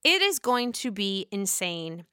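A woman with a Pittsburgh accent hosting a casual gossip show about reality TV, excitable, gushing and swearing freely. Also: medium pitch, measured pace, clean tone, no echo, studio quality. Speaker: host.

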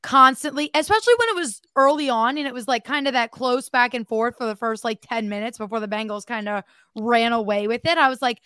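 A woman's voice: a little high, fairly quick, few pauses, a bit bright, smooth, dry recording, clean studio sound. A young woman co-hosting a sports podcast in giggly, chatty conversation. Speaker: podcast co-host. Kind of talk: casual chat.

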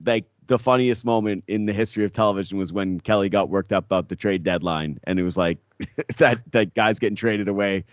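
A man co-hosting a sports podcast, rambling and animated with many filler words in casual chat. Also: on the low side, a little fast, no room sound, clean studio sound.

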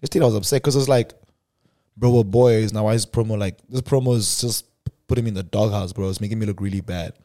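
A young man from South Africa hosting a podcast, telling stories in a casual chat and dropping low when upset. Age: 20s. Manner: fast, animated storytelling, drops to low muttering when upset. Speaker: podcast host.

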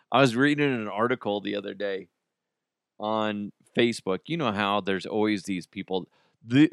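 A man's voice: fairly low pitch, dry recording, studio quality. A man hosting his own podcast, rambling casually, joking at his own expense and laughing often. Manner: rambling, self-deprecating, laughs often, does silly voices. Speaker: podcast host. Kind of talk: casual solo podcast monologue.

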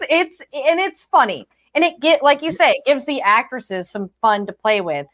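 A woman's voice: high voice, animated, moderate pace, a bit bright. A woman co-hosting a podcast, chatting casually and with strong opinions about soap operas. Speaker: podcast co-host.

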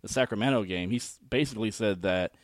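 A man's voice: lowish voice, quick pace, dry recording, clean studio sound. A man co-hosting a casual sports podcast, explaining his points earnestly with frequent ums and you-knows. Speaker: podcast co-host.

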